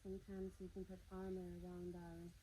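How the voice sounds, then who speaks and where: A woman from the American South leading a slow, soft-spoken guided yin yoga class, talking calmly between breaths. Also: on the low side, slight background noise, rough recording. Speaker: yoga teacher.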